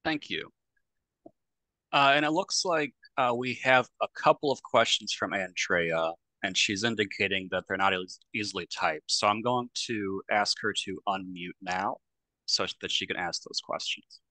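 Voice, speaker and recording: Low, crisp-voiced man moderating questions. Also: normal speed, bright, forceful tone, no echo, rough recording. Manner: reads out questions with hesitant uhs.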